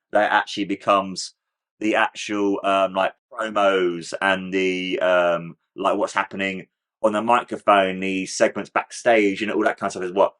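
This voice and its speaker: A man's voice: sits low, a bit bright. A man hosting a casual reaction video, talking in a rambling, enthusiastic way with lots of "like" fillers. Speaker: host of a reaction channel.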